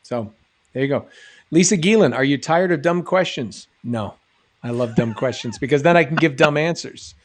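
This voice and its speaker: A middle-aged man from New England hosts a live stream, reading out chat and riffing on it. His voice sits a little high, and he talks in a loose, jokey, meandering way. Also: moderate pace. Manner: jokey, rambling, reads chat aloud. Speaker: show host answering live chat.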